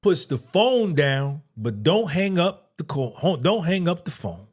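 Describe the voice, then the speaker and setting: A man with a somewhat high voice tells a story with emphasis and some swearing. He speaks in a casual way. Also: very animated, a little slow, slightly rough.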